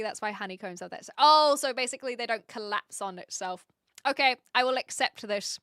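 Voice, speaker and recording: Bright-voiced New Zealand woman streamer. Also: on the high side, expressive, moderate pace, dry recording, clean studio sound. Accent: rounded New Zealand. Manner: chatty and curious, laughs often, swears casually. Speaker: live streamer. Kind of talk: casual live-stream chat reacting to videos.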